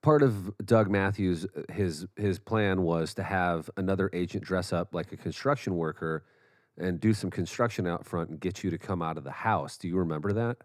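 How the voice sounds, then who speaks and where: Low-voiced man asking questions, dry sound. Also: normal speed, no room sound. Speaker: podcast co-host and documentary director. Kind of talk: interview questions.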